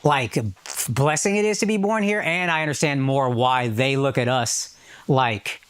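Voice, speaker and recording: A man's voice: mid-range voice, a little slow, fairly bright tone, clear, resonant tone. A man in casual podcast chat, telling a story with lots of emphatic swearing. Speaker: podcast regular.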